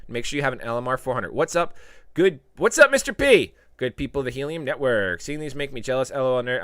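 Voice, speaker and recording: A man hosting a casual live stream, reading viewer comments aloud and giving tips, with sudden loud playful outbursts. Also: medium pitch, clear, resonant tone, no room sound, studio quality. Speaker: live stream host answering chat.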